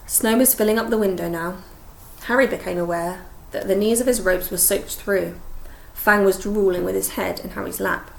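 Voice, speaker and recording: A woman narrates an audiobook in a steady storytelling manner. Her mid-range voice has a gravelly texture, and the recording sounds roomy. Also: medium pitch, normal speed. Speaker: audiobook reader. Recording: echoey room.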